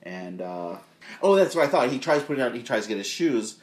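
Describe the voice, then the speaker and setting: A male podcast co-host with a mid-range, fairly quick voice chats casually about movies. He animatedly retells film scenes and acts out the lines, and the room sounds echoey.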